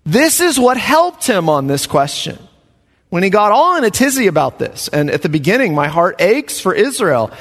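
A man preaching a Bible study sermon, emphatic and animated, chuckling between points. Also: high voice. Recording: long hall reverb.

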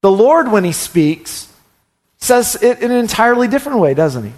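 Pastor guy preaching, kinda high voice, fired up, keeps repeating lines, trips over words sometimes. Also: sing-song, darkish tone. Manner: impassioned preaching, repeats key phrases, quick stammers. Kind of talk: sermon.

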